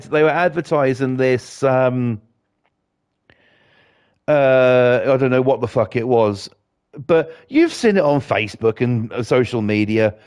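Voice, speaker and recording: A middle-aged man with a clean, mid-range voice that's a little mellow streams a game while ranting. His commentary is fired-up, rambling, and heavy with profanity.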